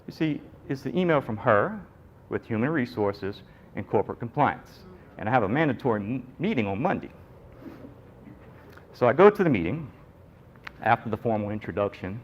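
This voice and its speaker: Man, nurse presenter, animated, joking, sings up and down with his pitch, a bit of room hum. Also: moderate pace, pauses often, lo-fi sound. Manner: animated storyteller, jokey, acts out quoted people. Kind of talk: conference talk storytelling.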